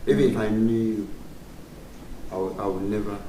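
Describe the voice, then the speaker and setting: A man's voice: on the low side, fairly even intonation, moderate pace, dark tone. Laughing comedian man, roomy and distant. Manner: laughs often, broken pidgin-tinged phrasing. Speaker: comedian guest. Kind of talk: casual interview chat. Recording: roomy sound from far off, faint background noise.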